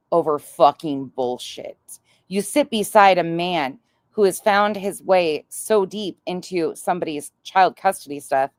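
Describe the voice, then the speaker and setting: A woman's voice: low-pitched, darkish tone, no echo, clean studio sound. A woman hosting a commentary channel, talking back to played clips in a blunt, profane, confrontational way.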